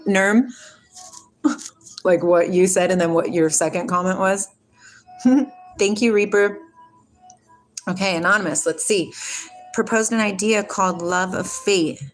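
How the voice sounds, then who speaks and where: A woman hosting a spiritual livestream, rambling casually and reading viewer comments aloud. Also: mid-range voice. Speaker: livestream host.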